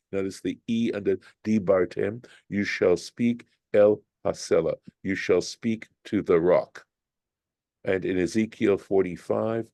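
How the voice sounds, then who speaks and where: A man leading a Bible study class, explaining Hebrew grammar slowly and thinking aloud with frequent restarts. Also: low-pitched, vocal fry, mellow, no room sound.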